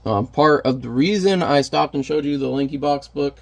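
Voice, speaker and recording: A man's voice: on the high side, normal speed, vocal fry, darkish tone. A man who is a parent, chatting casually and candidly while painting on camera, rambling and self-deprecating. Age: adult parent.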